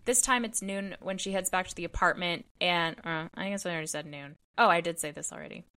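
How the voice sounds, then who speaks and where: A woman's voice: on the low side, fast, bright, forceful tone. Woman, podcast co-host, casual book chat, dramatic, emotional retelling.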